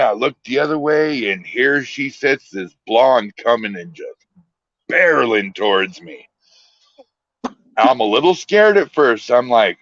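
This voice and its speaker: A man's voice: medium pitch, expressive, a little slow, fairly bright tone, no echo. A man chatting casually on a podcast as the guest, telling stories in a laid-back way. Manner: storytelling, laid-back drawl. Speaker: guest, paranormal team founder. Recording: dull lo-fi dry sound.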